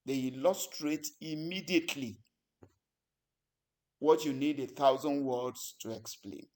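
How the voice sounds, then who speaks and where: Slow, deliberate man teaching public speaking. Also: mid-range voice, a little mellow. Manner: deliberate, pausing between phrases. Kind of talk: lecture.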